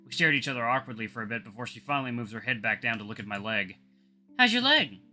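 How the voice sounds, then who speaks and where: A man reading a visual novel aloud in a lively way, often stumbling and correcting himself. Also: medium pitch, rapid-fire, faint music behind. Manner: lively, with frequent self-corrections.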